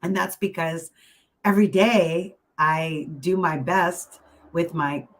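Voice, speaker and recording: A middle-aged woman speaks in a low voice, chatting through a motivational talk. She sounds encouraging and conversational and keeps checking in with her listeners through friendly asides. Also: fairly even intonation, slow pace, low-quality recording. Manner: chatty and encouraging, with many asides and filler phrases. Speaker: keynote mindset speaker. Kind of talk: casual motivational talk to an online audience.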